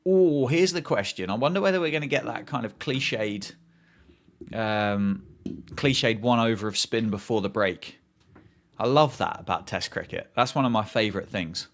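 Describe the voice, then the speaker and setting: A man's voice: lowish voice, moderate pace. A man hosting a live cricket watchalong, chatting casually, joking and reacting to play and viewer comments.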